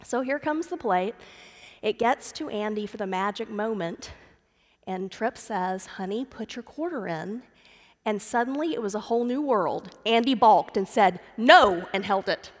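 A middle-aged female pastor shares a family story during her sermon, calling the congregation "friends," with long church reverb filling the sanctuary. She speaks in an animated mid-range voice at a normal pace.

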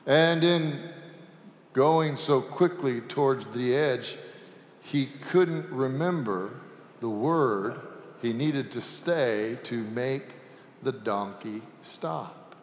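Slow-speaking preacher in an echoey sanctuary. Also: male voice, mid-range voice, slight background noise. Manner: folksy storytelling with jokes. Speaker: pastor. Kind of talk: sermon. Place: church sanctuary. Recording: echoey sanctuary with long reverb.

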